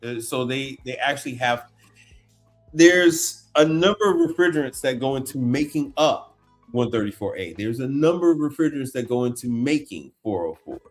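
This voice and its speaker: Guy on a livestream, chatty and slangy, keeps going "wait wait wait", a bit of music playing low behind him. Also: normal speed. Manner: animated, exclaims and repeats himself, slangy. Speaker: appliance repair tech livestream host. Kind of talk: casual livestream chat while browsing online.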